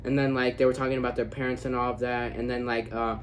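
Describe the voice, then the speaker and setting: A man talks through a film review in a loose, rambling way, full of fillers and restarts. His pitch sits right in the middle for a man. Faint ambience hums behind him. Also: little pitch movement, quick pace, a little hiss or hum. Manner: rambling, many fillers, quiet quoted lines, gushing. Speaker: movie reviewer. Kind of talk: casual movie review monologue.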